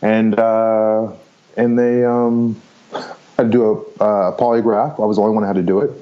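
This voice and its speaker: This fifties-aged podcast guest tells his life story candidly and loosely, with frequent laughter and offhand cursing. His lowish voice holds a steady tone at a normal speed. The sound is lo-fi.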